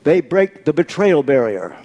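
Older preacher, slow and higher-pitched. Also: male voice, big pitch swings, dark tone, lo-fi sound. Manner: unhurried storytelling with dry humor. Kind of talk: sermon.

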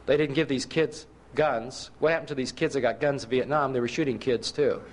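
A man's voice: medium pitch, steady tone, brisk. A middle-aged man preaching a sermon, telling personal stories with self-mocking humor and asking his listeners rhetorical questions.

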